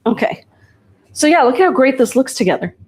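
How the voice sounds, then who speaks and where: A woman co-hosting a live sale, describing products in a relaxed, unhurried way. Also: high voice, slightly rough. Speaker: co-host showing products. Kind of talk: casual product showcase.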